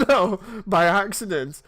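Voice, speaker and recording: A man's voice: high-pitched, big pitch swings, slow pace, sharp tone. A man in his thirties, chatting casually and telling rambling stories while streaming a game. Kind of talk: casual chat while playing.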